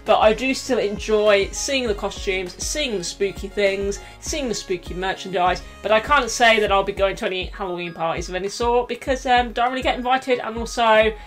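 A woman's voice: medium pitch, normal speed, few pauses, soft background music. A young woman from the UK, a bubbly, self-mocking vlogger chatting casually through an unboxing, a little out of breath. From United Kingdom. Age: young adult. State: slightly out of breath.

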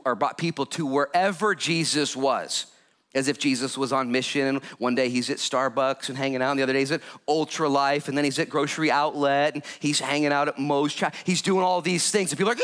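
A male pastor delivering a sermon with lots of energy. He jokes with the congregation and jumps from calm explanation to sudden loud, excited bursts. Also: medium pitch. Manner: animated, jokey preaching with sudden loud bursts.

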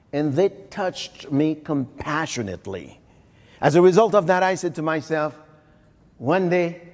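A man from Haiti, giving a live motivational keynote speech and speaking emphatically, repeating phrases and addressing the crowd directly. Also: fairly high pitch. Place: large conference hall. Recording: long hall reverb from a conference room.

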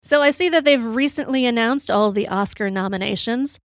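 A woman's voice: fairly high pitch, moderate pace, dry recording, studio quality. Chatty tipsy woman telling stories. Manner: chatty, rambling, many "you know" fillers, laughs at own story. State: tipsy from drinking. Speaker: podcast host. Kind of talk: casual storytelling monologue.

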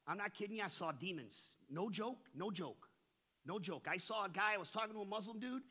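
A middle-aged male pastor preaches in a church with a bright, forceful tone and a slightly husky edge. His pitch sits somewhat high for a man. He talks like someone on the street, full of slang, and swings from near-whispers to loud passion. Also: animated, a little fast. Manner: impassioned, swings from hushed to shouting. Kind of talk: sermon. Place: church sanctuary.

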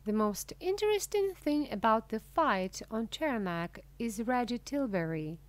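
A woman reading a humorous story aloud as scripted narration, slowly and clearly. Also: a little high. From Russia. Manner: slow, clear, deliberate reading. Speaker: audiobook reader. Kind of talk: scripted narration of a graded reader.

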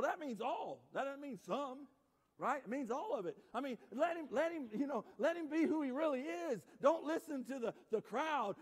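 Man preaching, high voice, goes soft then yells, big echoey church. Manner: preaching with swings from quiet to shouted. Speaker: pastor. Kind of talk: sermon. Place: church sanctuary. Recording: church sanctuary with long reverb.

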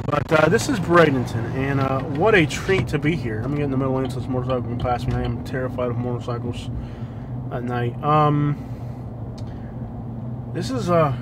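A man's voice: medium pitch, a little fast. A man, a rambling storyteller who laughs often, chatting casually while driving at night. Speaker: rideshare driver vlogging. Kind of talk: casual driving vlog chat. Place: inside a car driving at night. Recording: faint street noise behind. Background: faint road and traffic noise.

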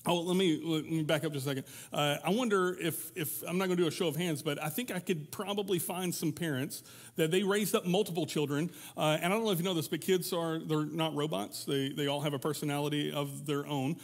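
A man with a somewhat high voice preaches a sermon in a church. He talks to the congregation in a loose, conversational way and acts out little quoted voices to make his points. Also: steady tone, fairly quick. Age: adult parent. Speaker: pastor.

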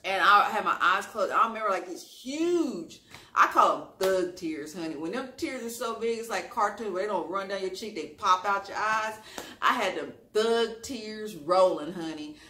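A man telling an emotional personal story on his channel in an expressive, sassy way, calling listeners honey. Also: sits high, normal speed, a little hiss or hum. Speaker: storytime YouTuber. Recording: roomy echo.

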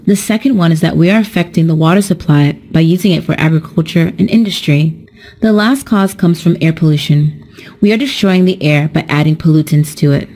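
Young woman, English teacher narrating a scripted lesson, careful and explanatory, mellow lowish voice.

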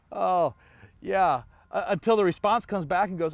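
A man's voice: sits high, measured pace, vocal fry, long pauses, no room sound. A man pastor giving an online church sermon in a conversational way, asking the listener questions and chuckling often.

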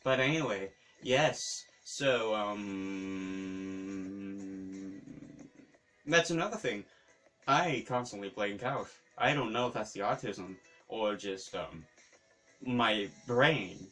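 A man vlogging in a casual talk to camera, halting and often repeating himself as he searches for words. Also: fairly low pitch, a bit bright, soft background music.

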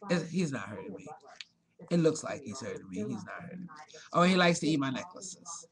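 A woman's voice: low voice, very animated, a little fast. A woman recording a webcam video at home, showing off her pet and talking to him in doting baby talk. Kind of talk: casual webcam vlog. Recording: TV chatter in background.

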